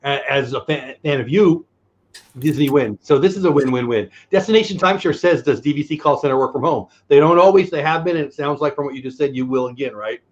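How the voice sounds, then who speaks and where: A man's voice: fairly high pitch, fast, dull audio. A man hosting a casual livestream, chatty and joking, poking fun at himself. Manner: chatty, joking, self-deprecating. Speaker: livestream host.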